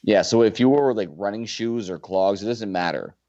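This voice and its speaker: A man's voice: on the low side, normal speed, a little mellow, highs cut off. A man co-hosting a wrestling podcast in casual chat, telling stories with a laugh and plenty of swearing. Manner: laughing, storytelling, profane. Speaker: podcast co-host.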